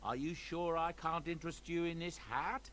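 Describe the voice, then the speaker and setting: An actor playing a courteous travelling merchant in a video game, eager to sell and talking in smooth, coaxing sales patter. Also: male voice, a little high, moderate pace, a bit bright, slight background noise, close to an everyday voice. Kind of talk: video game character dialogue.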